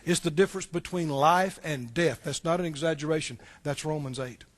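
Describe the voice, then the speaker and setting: A male pastor preaching a sermon, animated and full of rhetorical questions. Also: a little high, a little fast.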